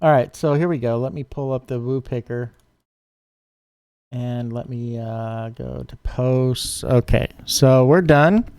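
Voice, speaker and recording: A man with a mid-range, darkish, smooth voice talks slowly as co-host of a live fish-keeping stream, recorded at studio quality with no echo. He rambles chattily, using plenty of fillers, as he runs a giveaway.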